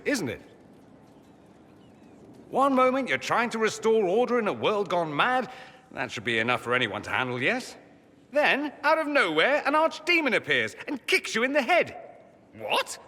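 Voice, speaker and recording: A man's voice: mid-range voice, sharp tone, big-room sound, heavily acted. An actor playing a witty, sardonic male mage in a video game, teasing and dramatic in tone. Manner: quick-witted, teasing, dramatic swings in tone.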